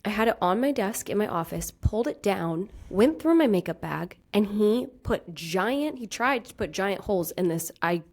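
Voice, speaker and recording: A woman's voice: medium pitch, moderate pace, few pauses. A woman in her thirties co-hosting a casual chat, telling stories animatedly and acting out what people said. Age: 30s. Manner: animated storytelling, acts out quoted dialogue. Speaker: podcast co-host.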